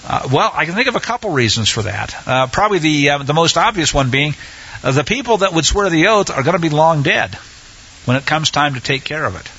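A man teaching a Bible study in a conversational way, often pausing with fillers and restarting his sentences. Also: on the high side, big pitch swings, bright, forceful tone, slightly rough, muffled recording.

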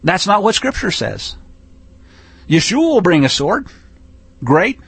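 A high-pitched man preaches in a folksy, emphatic manner, building to forceful declarations. His voice has a husky grain, and the recording is dry and close with little room sound. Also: sing-song, slow, no room sound. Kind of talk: sermon-style teaching.

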